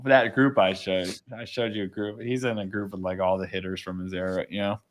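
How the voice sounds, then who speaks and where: A man co-hosting a casual podcast chat, telling stories with lots of swearing and acting out what others said. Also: a little fast. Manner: animated storyteller, mimics his son in higher voice, swears a lot. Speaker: podcast co-host.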